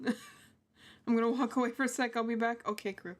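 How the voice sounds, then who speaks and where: A young woman chatting casually as she reacts to a true crime video, animated and mocking. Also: a little high, normal speed. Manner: animated, laughing, mimics people mockingly. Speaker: reaction streamer.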